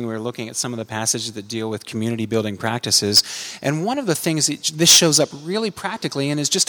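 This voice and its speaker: A man preaching a sermon, earnest, climbing to emphatic peaks and dropping low for quiet asides. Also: in a large hall. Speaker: pastor.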